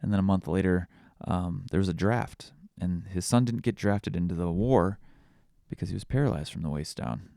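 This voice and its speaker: Deep gravelly man musing aloud. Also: moderate pace, mellow, dry recording, clean studio sound. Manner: musing, searching for words with many restarts. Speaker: podcast host. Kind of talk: casual reflective monologue.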